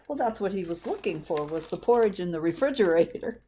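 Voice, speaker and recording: A woman librarian reading a picture book aloud to children, gently asking them questions. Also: lowish voice, animated, a little fast, few pauses, husky. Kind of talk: storytime read-aloud to children.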